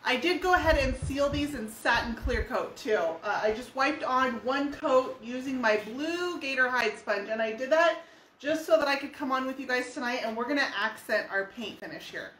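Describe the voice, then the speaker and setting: A woman's voice: high-pitched, normal speed, a bit bright, distant mic, a little hiss or hum. A woman from California, teaching furniture painting live, explaining each step in a chatty, friendly way. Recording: echoey room.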